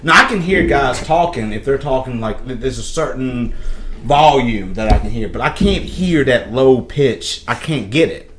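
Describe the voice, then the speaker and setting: A man's voice: mid-range voice, expressive, normal speed, background noise. A man, a podcast guest telling a story in casual chat, profane and often laughing.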